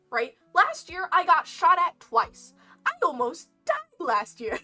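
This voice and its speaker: A young woman streamer chatting casually in a storytime while crocheting, animated and laughing as she retells things. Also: high voice. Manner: animated, laughing, dramatic voice swings when retelling. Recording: faint lo-fi music behind, slightly distant mic. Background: lo-fi game music.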